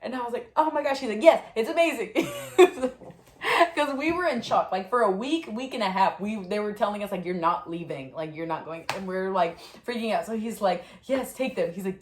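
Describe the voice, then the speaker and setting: A woman's voice: mid-range voice, slight background noise. Woman, twenties, casual storytelling vlog, chatty, filler-heavy, echoey room. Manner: chatty, animated retelling with many fillers. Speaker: vlogger sharing Air Force basic training experience. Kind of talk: casual storytelling and tips to camera.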